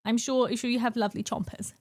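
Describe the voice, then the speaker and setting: A young woman with a high voice streams from her home desk mic, chatting and giggling with viewers. She greets people by name and slips into soft baby talk for her cat. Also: fairly even intonation, quick pace. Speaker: live streamer. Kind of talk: casual chat with stream viewers.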